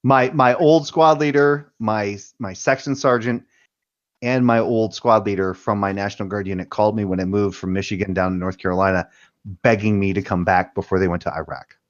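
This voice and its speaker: A man's voice: on the low side, fairly even intonation, a little fast, muffled recording. A man, a military veteran, telling rambling stories in casual chat and swearing freely. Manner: rambling storytelling with profanity. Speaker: veteran panelist.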